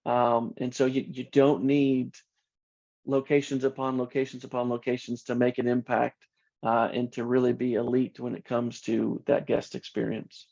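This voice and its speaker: A man speaking as a company executive in an interview, earnest and measured. His delivery stays flat, with mid-range pitch. The audio sounds dull and lo-fi. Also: creaky. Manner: earnest, measured, repeats words when starting. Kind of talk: interview answers.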